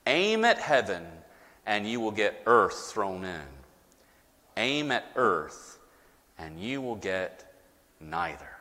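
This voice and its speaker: A man preaching a sermon as pastor, with dramatic pauses and rising, emphatic repetition. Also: lowish voice, sing-song, sharp tone, long reverb tail.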